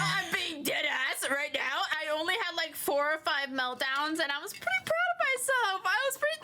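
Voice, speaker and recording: A woman streamer in casual chat, rambling and slangy, with bursts of loud laughter. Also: high-pitched.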